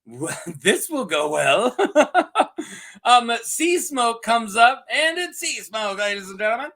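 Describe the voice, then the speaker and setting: Giggly bright-voiced man recapping a show. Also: very high voice, sing-song, slow pace. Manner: giggly and joking, full of ums and asides. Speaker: TV show reviewer. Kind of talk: casual episode recap from a script.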